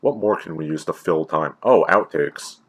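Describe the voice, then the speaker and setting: Very deep, husky man reviewing dryly. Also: normal speed. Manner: dry, sarcastic asides. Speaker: video reviewer and host. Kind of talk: comedic scripted review commentary.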